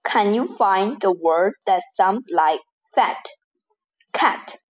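A woman reading a rhyming-word lesson for children, saying each word slowly and deliberately. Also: mid-range voice, lively intonation. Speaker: teacher reading rhymes.

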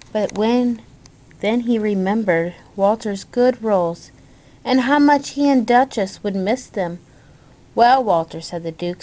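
Slow, gentle woman reading a picture book. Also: fairly high pitch. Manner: gentle, talks to listeners about the pictures. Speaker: storyteller.

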